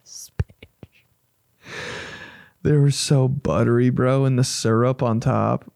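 Man hosting a podcast, gravelly voice, loose profane joking, dry close mic. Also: medium pitch, fairly even intonation, normal speed, darkish tone, no echo. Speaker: podcast host. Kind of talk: comedy podcast reaction chat.

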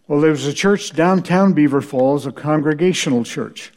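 A man's voice: on the high side, normal speed, hardly any pauses, a little mellow. A male preacher giving a church history lecture, telling anecdotes with dry humor. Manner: dry, wry storytelling.

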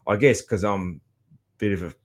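A man's voice: on the low side, moderate pace. A man with an Australian accent giving a casual, rambling travel recap, swearing freely with many ums and restarts. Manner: loud, chatty. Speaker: vlogger.

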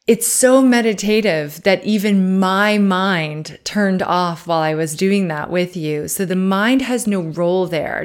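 A woman podcast host and coach leading a guided breathing meditation, talking softly and calmly and counting breaths aloud. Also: medium pitch. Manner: slow, soft and calm, counting breaths aloud.

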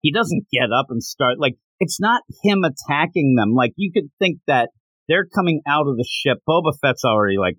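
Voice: medium pitch, lively intonation, normal speed, a bit bright, husky, no echo. A podcast co-host in casual chat, animatedly retelling comic panels and joking about them.

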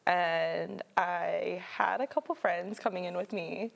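Young woman with a gravelly edge. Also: on the low side, takes it slowly, low-quality recording. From Hawaii. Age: young adult. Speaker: student club show coordinator. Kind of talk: casual chat.

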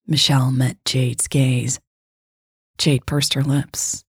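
A woman narrating a story in a measured, even reading. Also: extremely low pitch, breathy edge, no room sound, clean studio sound.

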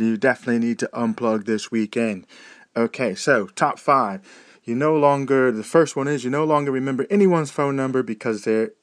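A man from the United States whose American accent has partly softened after years in Britain, talking casually in an audio diary with lots of ums and uhs. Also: medium pitch, no echo, clean studio sound. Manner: rambling, many ums and uhs and self-corrections. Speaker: audio blogger.

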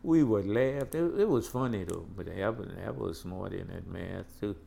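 An older man from the South, recounting school memories as an animated storyteller who keeps saying "boy" and "man". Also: lowish voice, moderate pace, vocal fry. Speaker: interviewee recalling school days. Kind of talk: casual storytelling interview.

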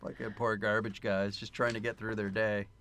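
A man's voice: fairly low pitch, flat delivery, moderate pace, fairly bright tone, clear, resonant tone. A man co-hosting a film podcast in casual chat, sarcastic and profane, with mock-indignant asides. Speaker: podcast co-host.

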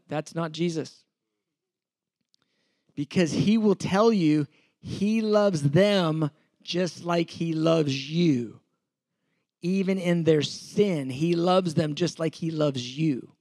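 A middle-aged pastor teaches a sermon in an earnest, conversational manner, repeating key phrases. His voice is slightly high, slow, and a little mellow, with no echo.

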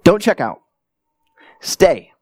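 A man's voice: sits high, very animated, very slow, darkish tone, no echo, studio quality. A man preaching a sermon as pastor, telling stories in a conversational, self-deprecating way. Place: church sanctuary.

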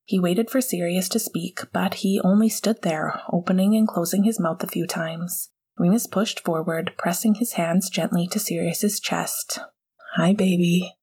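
Woman, audiobook narration, breathy, low voice, soft measured storytelling. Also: steady tone. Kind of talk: fan fiction read aloud.

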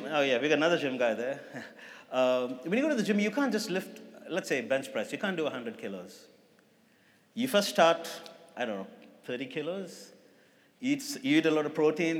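A man giving a sermon as guest preacher, talking casually with asides and self-corrections. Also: a little high. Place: church hall. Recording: long reverb of a church hall.

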